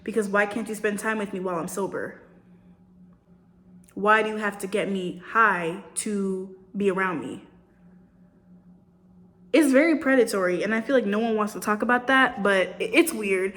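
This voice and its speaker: A woman's voice: medium pitch, normal speed, long pauses. A young woman chatting casually while she cooks at home, ranting with exasperation and laughing now and then. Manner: animated, exasperated rants with laughs. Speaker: vlogger. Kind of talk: casual chat while cooking. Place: home kitchen. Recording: echoey room with faint noise.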